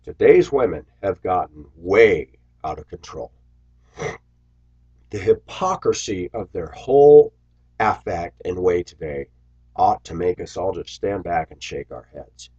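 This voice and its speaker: Low raspy guy ranting bitterly at his viewers, muffled low-fi sound. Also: animated, measured pace, warm tone. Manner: bitter, sarcastic, preachy. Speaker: vlogger. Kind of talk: ranting to camera.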